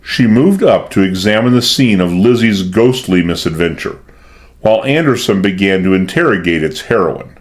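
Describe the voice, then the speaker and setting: Lively, low-voiced man narrating. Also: normal speed. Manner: dramatic, suspenseful reading. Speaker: audiobook narrator. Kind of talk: scripted narration of a mystery novel.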